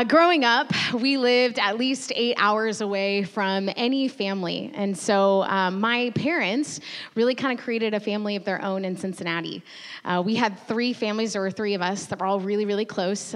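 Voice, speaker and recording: A woman in her thirties preaching a sermon, telling a personal story earnestly and growing quietly emotional at times. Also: mid-range voice. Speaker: pastor. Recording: long reverb of a large hall.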